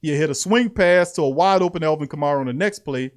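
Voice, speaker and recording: A man with a fairly high-pitched voice hosts a casual sports talk show. He reads practice reports aloud, then breaks off into animated riffs. He laughs often and repeats his lines for emphasis. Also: quick pace.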